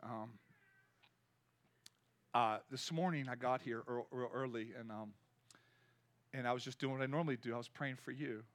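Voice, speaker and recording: A man in his fifties preaching a sermon with energy, swinging between loud exhortation and quiet storytelling. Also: medium pitch, normal speed, pauses often. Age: 50s. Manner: energetic preaching, rising loud then dropping to soft storytelling. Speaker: pastor.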